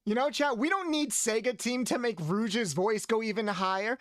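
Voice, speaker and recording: A man's voice: extremely high pitch, moderate pace, a bit bright, dry recording, studio quality. A man streaming a video game, chatting playfully with his viewers in a loose, rambling way. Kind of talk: casual gameplay commentary. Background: faint game music.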